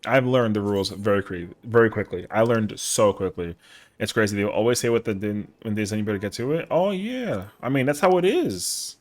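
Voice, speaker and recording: A man's voice: fairly low pitch, lively intonation, brisk. A young man streaming an online game, chatting casually and making playful, boastful jokes full of slang. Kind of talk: casual chat while gaming.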